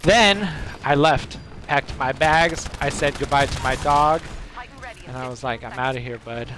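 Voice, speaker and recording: A man's voice: fairly high pitch, unhurried, background noise. A man live-streaming a game, telling a playful tall tale with sound effects and chatting with viewers. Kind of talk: live-stream storytelling and chat.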